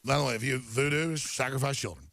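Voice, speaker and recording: A man's voice: medium pitch, quick pace, fairly bright tone. A middle-aged man hosting a talk show, delivering a heated, repetitive monologue to viewers while reading headlines.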